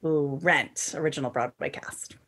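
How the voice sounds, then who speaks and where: A woman's voice: low voice, fairly even intonation, moderate pace, fairly bright tone. A woman guest on an interview, chatting casually and playfully, laughing often. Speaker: guest, Broadway performer.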